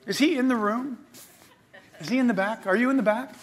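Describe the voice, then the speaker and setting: A middle-aged male pastor preaches with lively energy, telling a story and acting out the voices of its characters. His pitch is extremely high and his delivery a little fast.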